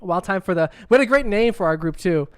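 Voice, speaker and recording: A man chatting on his livestream at a quick clip, his voice smooth and clear. He rambles and repeats himself as he hunts for the right clip, loose and casual throughout. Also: high voice, lively intonation. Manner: rambling, repeats himself while cueing up clips. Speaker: livestream host.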